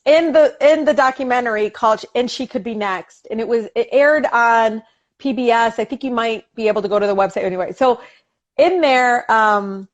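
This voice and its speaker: A woman politician chatting as an interview guest over a video call, telling animated stories, laughing often and acting out family dialogue. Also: on the high side, normal speed, muffled recording.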